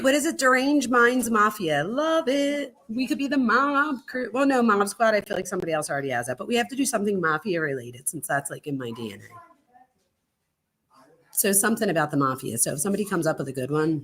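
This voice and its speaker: A woman hosting a true crime livestream from home, chatting casually in an excitable way and saying "like" a lot. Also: medium pitch, a little fast. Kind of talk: casual live-stream chat. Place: at home during a storm.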